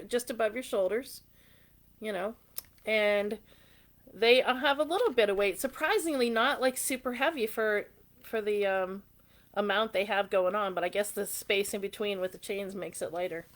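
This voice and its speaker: A middle-aged woman with a slightly hoarse voice, hosting a live jewelry sale, chatting casually and reading viewer comments. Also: medium pitch, a bit bright. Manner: chatty and sentimental, reads viewer comments aloud. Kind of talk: casual live-stream chat.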